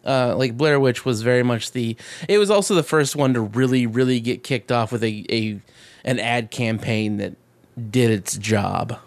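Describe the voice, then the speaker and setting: A man co-hosting a casual chat, recapping a film with swearing, jokes and quick acted-out voices. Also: medium pitch. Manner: profane, jokey, acts out quick voices mid-recap. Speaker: podcast co-host.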